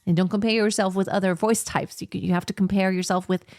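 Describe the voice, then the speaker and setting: A woman teaching singing, explaining slowly and breaking into sung operatic soprano examples. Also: medium pitch, fairly even intonation, darkish tone, no echo, studio quality. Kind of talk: vocal lesson with sung demonstrations.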